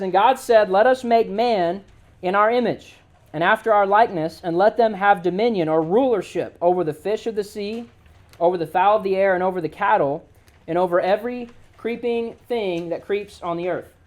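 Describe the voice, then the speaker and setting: A man giving an animated, joking sermon to a youth group as youth pastor, often telling the crowd to listen. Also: high-pitched, brisk. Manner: casual everyday slang.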